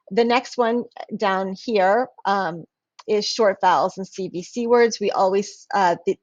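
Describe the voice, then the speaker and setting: A woman's voice: medium pitch, no room sound. Hesitant woman coach, dry and dull. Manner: hesitant, many fillers and restarts. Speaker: instructional coach. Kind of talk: professional development lesson.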